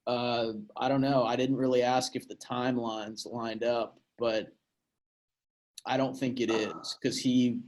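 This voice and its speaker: A man's voice: medium pitch, flat delivery, unhurried, a little mellow. Rambling, crude young man on a podcast. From Portland, Oregon. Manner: rambling, crude, lots of filler words. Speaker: podcast co-host. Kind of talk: casual storytelling chat.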